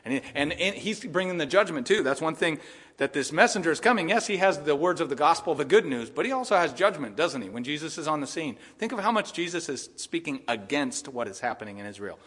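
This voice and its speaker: A pastor in a church sanctuary gives an animated sermon. His voice sits fairly high, and he laughs as he plays out the people's protests and God's answers. A long hall reverb trails every phrase. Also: a little fast, husky. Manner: animated preaching, laughing at the text, acting out voices of people and God.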